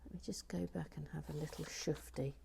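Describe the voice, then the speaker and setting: A middle-aged woman chatting wryly as she builds and reads out viewer comments, often dropping into soft, half-whispered muttering. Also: deep voice, steady tone, a little fast, creaky, noisy background. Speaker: LEGO building channel host.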